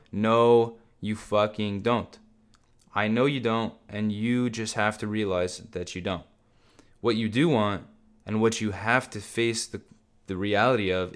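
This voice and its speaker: A man's voice: on the low side, clean tone. A man hosting a solo motivational podcast, talking bluntly and casually to his listeners and swearing freely. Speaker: podcast host.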